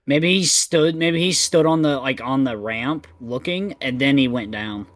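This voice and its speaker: A man's voice: medium pitch, a little slow. A man co-hosting a casual podcast, laid-back, laughing often and repeating himself. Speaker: podcast co-host. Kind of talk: casual chat.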